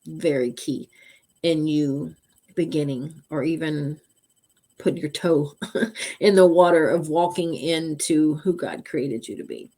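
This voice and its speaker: A woman's voice: low voice, slow, warm tone. A woman co-hosting a faith podcast, talking earnestly and stacking repeated phrases for emphasis. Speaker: podcast co-host. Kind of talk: faith-based podcast talk.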